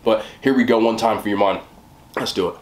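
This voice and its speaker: A man's voice: lowish voice, a little fast, reverberant. A man hosting a casual food review video, talking in an enthusiastic, chatty, rambling way. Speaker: mukbang host.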